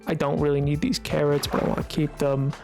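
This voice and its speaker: A man's voice: on the high side, flat delivery, vocal fry, dark tone, soft background music. A young adult man streaming a game, chatting casually with viewers in a rambling, playful way full of fillers. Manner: rambling, playful, quick to laugh, filler-heavy. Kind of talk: casual live-stream chat.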